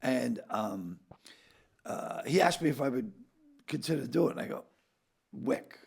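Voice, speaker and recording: Gravelly Boston man spinning brash stories. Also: medium pitch, animated, moderate pace, a little mellow. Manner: brash, profane storyteller who acts out quotes. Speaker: comedian and actor guest. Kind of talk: storytelling in casual podcast chat.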